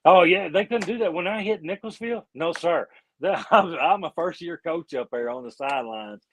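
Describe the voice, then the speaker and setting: A man's voice: fairly high pitch, lively intonation, normal speed, low-quality recording. Man swearing through coaching stories. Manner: profane, storytelling, laughs often. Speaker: youth football coach. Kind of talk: casual podcast chat.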